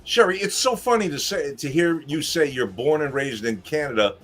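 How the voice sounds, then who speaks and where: A man's voice: on the high side, animated, moderate pace, a bit bright, faint music behind. A man hosting a casual chat, agreeable and teasing his guests.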